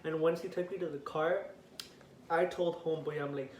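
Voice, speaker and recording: A teenage young man telling a storytime vlog, animated and profane, acting out what people said with rising outrage. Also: a little high, moderate pace. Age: teens. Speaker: vlogger. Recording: echoey room, voice a bit off-mic, faint hiss.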